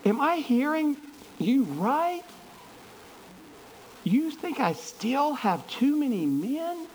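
A man playing Gideon, an anxious but eager army leader, who speaks in excited, pleading questions. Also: extremely high pitch, takes it slowly, slight background noise, pitched above the performer's own voice, exaggerated voice, rough recording. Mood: incredulous.

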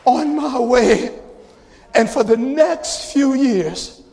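An older man preaches a sermon, his voice pitched very high and rough with gravel. He talks slowly and builds to shouted emphasis. His voice rings through a church with a long reverb. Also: a faint crowd. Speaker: pastor. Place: church sanctuary.

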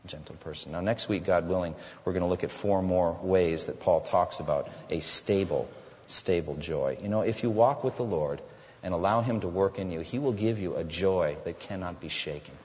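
A man's voice: normal speed, darkish tone. A man preaching a sermon as a pastor, earnest, sometimes acting out the people in his stories. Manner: earnest preaching, voicing quoted figures with rising pitch. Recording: lo-fi sound with long hall reverb.

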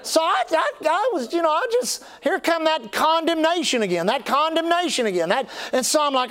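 A man's voice: extremely high pitch, expressive, normal speed, fairly bright tone. An older man, a pastor telling a folksy, humorous story in a sermon, with lots of restarts. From Texas.

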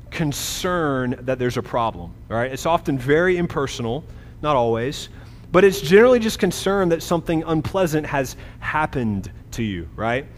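A middle-aged man preaching a sermon as a pastor, talking to the congregation in a conversational way and often checking in with a quick "right?". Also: fairly high pitch, slight background noise. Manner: conversational, frequent "right?" asides. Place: church hall. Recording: reverberant hall, faint ambience.

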